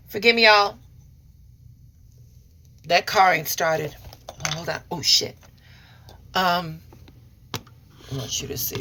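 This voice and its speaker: This Chicago tarot and oracle reader speaks slowly in a low, husky voice, chatting casually to camera as host of her channel. Folksy and warm, she sincerely addresses her viewers as y'all and honey.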